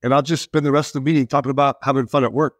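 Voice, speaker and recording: A man's voice: mid-range voice, fairly even intonation, racing, no room sound, clean studio sound. A man who manages branches, speaking in a laid-back, joking way during a podcast discussion.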